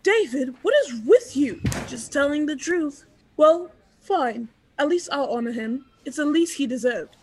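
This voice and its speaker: A woman's voice: sits high, animated, measured pace, darkish tone, a little hiss or hum. A woman voicing a blunt, loyal female coworker in an audio drama, speaking in a scolding manner.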